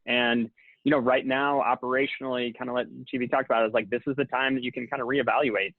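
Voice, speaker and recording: A man's voice: mid-range voice, fairly even intonation, fast talker, dry recording. A man on a video-call panel, sharing thoughts on leadership in a casual, thoughtful way. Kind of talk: panel webinar talk. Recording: tinny dry phone-like call audio.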